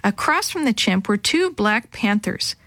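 A woman reading a children's story aloud in a clear, even narration. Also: medium pitch, a little slow, dry recording. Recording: dry close sound.

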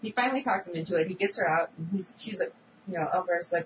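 A woman co-hosting a casual recap chat about a TV episode, animated and acting out characters' lines. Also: lowish voice, racing. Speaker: podcast co-host. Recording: distant mic with audible background noise.

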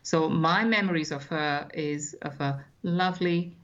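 A man, recounting his childhood as an interview guest in a measured, thoughtful way with frequent hesitations. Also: a little high, fairly bright tone, lo-fi sound. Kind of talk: reflective personal storytelling.

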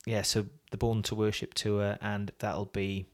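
A man's voice: on the low side, little pitch movement, measured pace. A British man, a worship singer-songwriter, talking casually and rambling in a podcast interview with lots of ums. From Britain.

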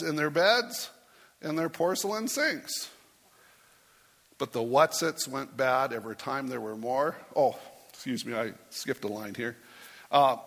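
A man's voice: on the high side, a bit bright, in a large hall. A man preaching as a pastor, reading a rhyming story aloud in a playful way and putting on voices for the characters.

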